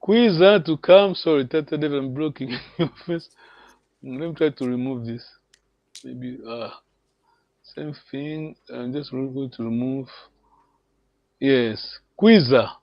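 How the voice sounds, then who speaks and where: A man's voice: medium pitch, slow pace, pauses often, dry recording, lo-fi sound. A man teaching a language lesson online, encouraging his students, repeating words and laughing often.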